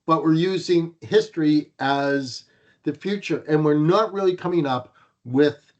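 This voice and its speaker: A man's voice: fairly high pitch, unhurried, a little mellow. A man co-hosting a podcast in casual chat, wry and bantering, stressing points with repeated starts. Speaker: podcast co-host. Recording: muffled lo-fi audio.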